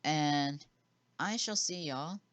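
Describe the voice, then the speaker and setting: A woman doing casual let's-play commentary on a visual novel, snarky and sarcastic, muttering and sometimes yelling at the game. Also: low voice, slow, clear, resonant tone, no echo. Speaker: gamer playing a visual novel. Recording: game music playing behind.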